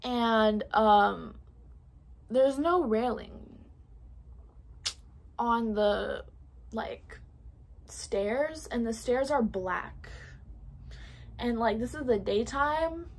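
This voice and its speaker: A woman's voice: on the high side, very slow, pauses often. A woman in her late teens from California telling a casual, profane storytime, full of fillers and whispered asides. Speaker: vlogger. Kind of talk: storytime vlog.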